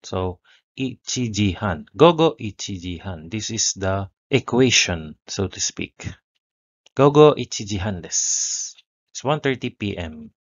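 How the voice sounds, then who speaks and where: A man's voice: fairly low pitch, expressive, breathy edge, dull audio. A man in his thirties teaching a language lesson, saying each phrase twice before explaining it. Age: 30s. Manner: repeats each phrase slowly, then translates.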